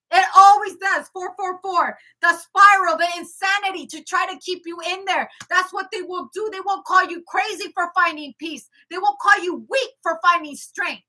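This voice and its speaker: Bright high-voiced woman giving a tarot reading. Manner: emphatic, repeats "okay?" and "like". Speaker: tarot reader. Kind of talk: casual spiritual reading.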